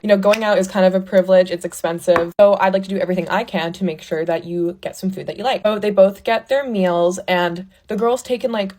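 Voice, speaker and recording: A woman's voice: medium pitch, darkish tone. A young woman who works as a restaurant server, casually telling stories about customers and laughing as she goes. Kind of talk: casual storytelling while doing makeup.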